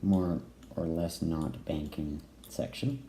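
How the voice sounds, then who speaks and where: A man giving casual let's play commentary while he builds, musing and halting with many pauses and fillers. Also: a bass voice, fairly even intonation, mellow. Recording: echoey room, faint noise.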